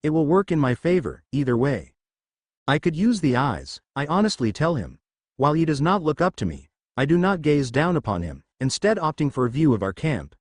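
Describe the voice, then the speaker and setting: A man's voice: medium pitch, sing-song, moderate pace, no room sound, clean studio sound. A man reading a first-person story recap as scripted storybook narration.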